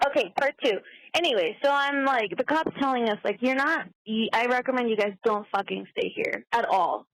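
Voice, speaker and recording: A woman's voice: fairly high pitch, brisk, dry recording, poor audio. Chatty young woman telling a story. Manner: chatty, swearing, animated storytelling. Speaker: caller. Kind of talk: voicemail story.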